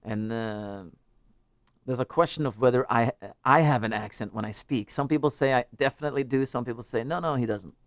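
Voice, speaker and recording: An American man hosts a live music stream, chatting casually with viewers, rambling, joking and interrupting himself. His mid-range voice moves fairly quickly, recorded in studio quality with no room sound.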